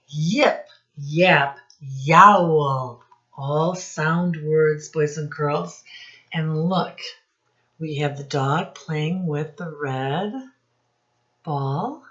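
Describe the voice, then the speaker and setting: A woman teacher reads a picture book aloud to young children, stopping to ask them questions in a slow, sing-song, teacherly way. Her voice sits low, and the sound is lo-fi.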